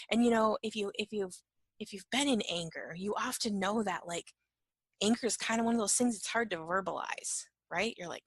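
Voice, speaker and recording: A fast-talking woman with a husky mid-range voice, recorded dry, teaches an informal lesson as an empath. She's conversational throughout, keeps asking "right?", acts out small dialogues, and occasionally drops to a soft whisper.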